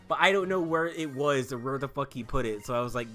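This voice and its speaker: Bright-voiced man telling a story over gameplay. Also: mid-range voice, fast, soft background music. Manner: animated, swears freely, laughs often. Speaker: gaming video host.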